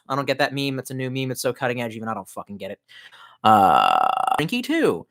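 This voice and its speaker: Young man, streamer, animated swinging pitch, profane, rambling, tipsy, casual chat. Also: quick pace. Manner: profane, rambling, drunk banter. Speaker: livestreamer. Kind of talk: casual livestream chat reading comments.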